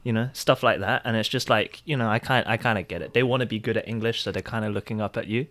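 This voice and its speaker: A fast-talking man with a bright, forceful tone joins the chat. He makes jokes at his own expense, and his voice sits close and dry on the mic. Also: on the low side, fairly even intonation, no room sound. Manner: self-deprecating joker. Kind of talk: casual group chat.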